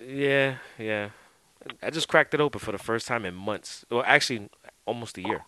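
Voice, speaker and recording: Sipping a drink between lines, this wrestling podcast host talks casually, cursing often and filling his speech with "like" and "dude." He has a medium-pitched, bright, forceful voice at a moderate pace. There's no echo, though the recording quality is low.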